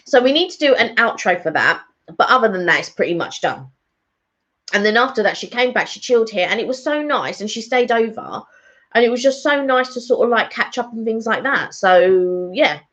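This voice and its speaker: A woman's voice: on the high side, expressive, fairly quick, fairly bright tone. A woman co-hosting a casual live stream, chatting in a rambling way with lots of fillers. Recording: dull lo-fi stream audio.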